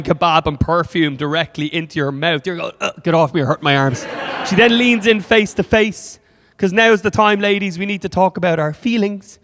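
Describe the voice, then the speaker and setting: A man's voice: high voice, fairly bright tone, big-room sound. Wry Irish stand-up comedian, man. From Ireland. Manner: wry storytelling with punchy asides.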